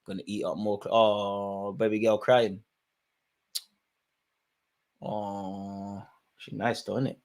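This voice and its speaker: A man giving live, slangy watch-along commentary on a football match, jumping from low asides to loud outbursts. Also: takes it slowly, gravelly, pauses often. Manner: excitable, slangy, swings from mutters to shouts.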